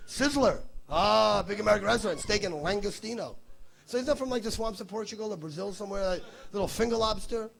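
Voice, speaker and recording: A man's voice: sits high, fast, vocal fry, a bit bright. A male stand-up comedian doing crowd work on stage, brash and teasing, with profanity. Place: comedy stage before a live audience.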